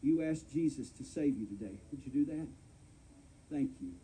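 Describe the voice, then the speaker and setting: Folksy preacher, warm mellow tone. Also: male voice, mid-range voice, lively intonation, moderate pace, a little hiss or hum, rough recording. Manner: earnest, folksy preaching, addresses listeners as friend. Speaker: pastor. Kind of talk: sermon. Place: church sanctuary.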